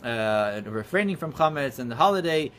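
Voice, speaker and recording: A man earnestly telling religious stories as a teacher, in a halting, storytelling way. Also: medium pitch, expressive, a bit bright, a little hiss or hum. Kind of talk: storytelling talk.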